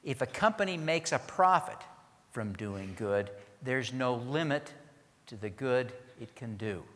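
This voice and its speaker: A man's voice: mid-range voice, expressive, measured pace, a bit bright. A man giving a conference keynote, earnest and rousing as he leads the audience in a pledge. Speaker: keynote speaker. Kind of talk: conference speech. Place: large conference hall. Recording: reverberant conference hall.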